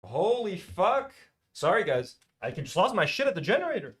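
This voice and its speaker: High, lively-voiced man streaming casually. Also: fast. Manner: casual and profane, thinking aloud. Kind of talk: casual live-stream chat.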